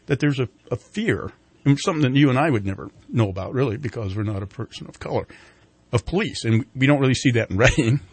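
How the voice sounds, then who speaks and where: A man's voice: medium pitch, expressive, quick pace, breathy edge, dry recording. A middle-aged man co-hosting a talk show, chatting casually and rambling with many restarts. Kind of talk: casual conversation.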